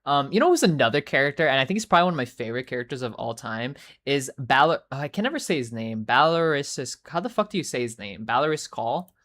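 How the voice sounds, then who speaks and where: A woman's voice: extremely low pitch, lively intonation, quick pace, hardly any pauses, a bit bright. A woman streaming live, chatting casually in a rambling, filler-heavy, profane way while greeting viewers. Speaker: livestreamer. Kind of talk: casual chat.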